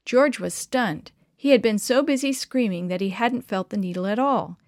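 A woman reading a children's story aloud in an expressive, measured way. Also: fairly high pitch, dry recording, clean studio sound.

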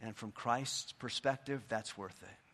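A man's voice: fairly low pitch, unhurried. Earnest middle-aged male pastor preaching. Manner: earnest, conversational, drops to quiet asides. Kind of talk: sermon.

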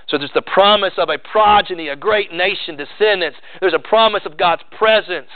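A pastor preaching a sermon earnestly, mixing rising emphasis with conversational asides. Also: male voice, fairly high pitch, normal speed, hardly any pauses, no echo. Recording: dry tinny phone-like sound.

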